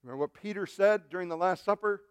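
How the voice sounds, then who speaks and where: Animated man preaching a sermon. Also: high voice, fast, clean tone, dry recording. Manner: animated, acts out quotes, addresses the congregation directly. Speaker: pastor.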